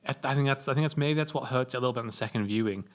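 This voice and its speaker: Young British co-host, mid-range voice, considered and a bit halting. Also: male voice, mid-range voice. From Britain. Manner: thoughtful, measured, hesitant restarts. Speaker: film review podcast co-host. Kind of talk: casual chat.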